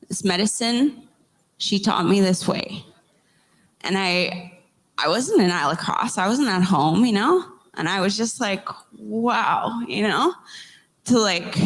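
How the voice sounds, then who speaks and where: A young adult woman hosting a podcast, sharing a heartfelt personal story in an earnest, emotional way, halting and restarting as she speaks. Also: mid-range voice. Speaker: podcast host interviewing survivors.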